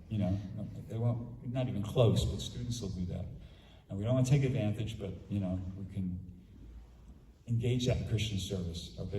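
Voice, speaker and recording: Low mellow man in an echoey hall. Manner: chatty, acts out his own dialogue with people. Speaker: workshop speaker. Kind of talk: informal workshop talk. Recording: roomy hall, mic at a distance, faint noise.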